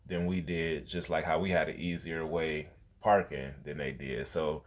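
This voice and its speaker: A man's voice: a bass voice, level tone, normal speed. A man, hosting a podcast and telling a story in casual, slangy, profane talk. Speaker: podcast host.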